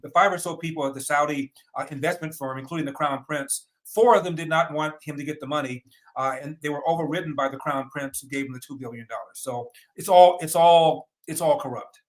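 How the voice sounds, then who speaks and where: Fast-talking animated male guest. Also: fairly high pitch, low-quality recording. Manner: animated anecdotal storyteller with quick asides. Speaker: political candidate as guest. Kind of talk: casual interview chat.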